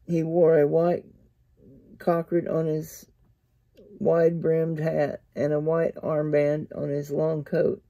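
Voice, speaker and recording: A man reading a fantasy novel aloud in an even, steady way, now and then restarting a sentence. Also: fairly high pitch, takes it slowly, vocal fry, no echo, highs cut off. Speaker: audiobook reader.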